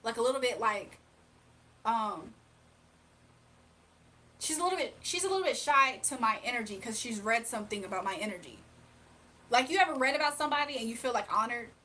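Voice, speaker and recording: A woman talks through a spiritual reading in a casual, emphatic way, often repeating herself. Her voice sits high. Faint room ambience hums underneath. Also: lively intonation, brisk, pauses often, pushed and bright, slight background noise. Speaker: spiritual reader.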